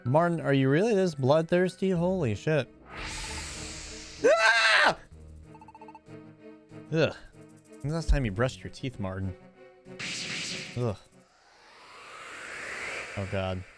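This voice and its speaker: A man's voice: mid-range voice, measured pace, long pauses, over music. A man streaming a game live, reacting casually and reading dialogue aloud. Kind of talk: live gameplay commentary.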